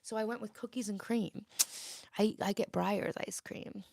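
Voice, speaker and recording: A woman's voice: mid-range voice, fairly even intonation, moderate pace, gravelly, a little mellow. A woman in her thirties chatting playfully with viewers on a casual home livestream. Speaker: livestream host. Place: home, indoors.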